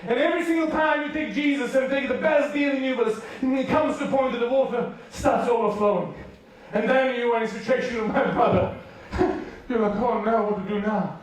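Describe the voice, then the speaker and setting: High-voiced preacher in an echoey hall. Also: male voice, fairly quick. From United Kingdom. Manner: animated, acts out voices, laughs often. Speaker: youth preacher. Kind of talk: storytelling sermon. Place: large hall at a school rally. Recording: echoey hall, distant mic.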